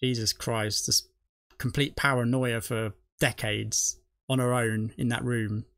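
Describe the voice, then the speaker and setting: A man's voice: mid-range voice, little pitch movement, measured pace, fairly bright tone, no room sound, clean studio sound. A man, the host of a reaction video, rambling chattily and laughing often. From not from the US. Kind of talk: casual chat.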